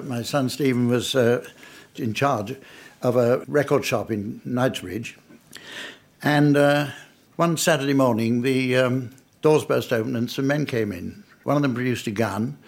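A man's voice: mid-range voice, gravelly. An older man from England telling family anecdotes to an audience in a dry, wry, understated way. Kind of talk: anecdotal storytelling talk.

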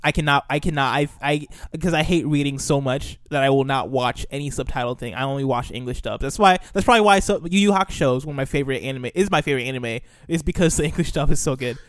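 A young man of Nigerian family co-hosting a podcast in casual chat, easygoing, laughing often and trailing off into soft asides. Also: medium pitch, quick pace, hardly any pauses, no echo, studio quality. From Nigerian family, raised in the US. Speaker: podcast co-host.

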